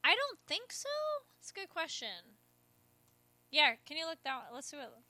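A woman's voice: high voice, normal speed, dry recording. A woman giving chatty running commentary while watching a movie, sighing and crying out as she reacts. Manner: animated, chatty running commentary with sighs and cries. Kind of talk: casual movie reaction chat.

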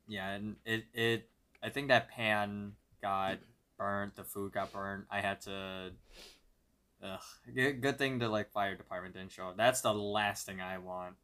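Podcast guy, kinda low voice, rambles and restarts a lot. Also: fairly even intonation, measured pace, sharp tone. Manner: rambling, hesitant, full of restarts. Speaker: podcast co-host. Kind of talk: casual chat.

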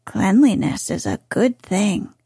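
Sly ancient sea witch, whispered by a woman, whispered role-play, breathy, slow, mellow, storybook. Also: medium pitch, no room sound, studio quality, heavily acted. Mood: demanding.

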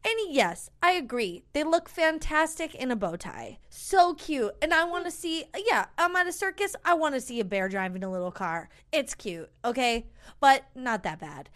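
A young woman in casual chat, animated and swearing, full of "like". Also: high voice, normal speed.

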